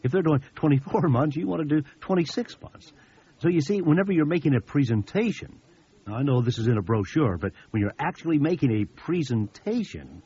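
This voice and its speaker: Husky folksy man giving sales training. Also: lowish voice, mellow. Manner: folksy, anecdotal, emphatic repetitions. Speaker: business seminar speaker. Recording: dull lo-fi recording.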